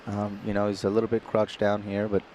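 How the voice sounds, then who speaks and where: A deep-voiced man from Singapore talks through a nine-ball match in live commentary. He is relaxed and chatty, walking through each shot's options. A faint hiss sits under the recording. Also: fairly quick. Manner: relaxed, chatty, explains shots in detail. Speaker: pool commentator.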